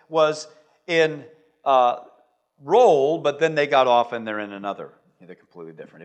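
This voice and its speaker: A man preaching a sermon in a conversational style, his loudness rising and falling. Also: mid-range voice. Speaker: pastor.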